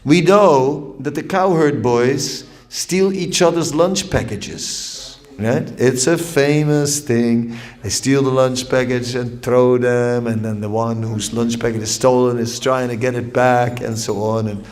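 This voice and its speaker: A man giving a devotional lecture as a spiritual teacher, reflective and storytelling, with long pauses. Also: medium pitch, steady tone, a little mellow. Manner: storytelling with acted quotes.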